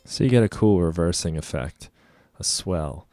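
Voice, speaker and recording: A man giving a casual music production tutorial at his computer, explaining each knob in a relaxed way with frequent ums, over loud instrument sounds. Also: sits low, normal speed, very noisy. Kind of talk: casual screen-recorded software tutorial. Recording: loud instrument demos behind the voice. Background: loud synth and trumpet sounds playing.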